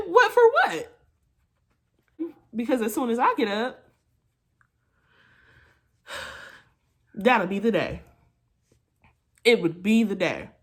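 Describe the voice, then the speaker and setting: A young woman chatting through a storytime while doing her makeup, with animated asides to her viewers, recorded on a phone at home. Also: a little high. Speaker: beauty vlogger. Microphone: phone camera.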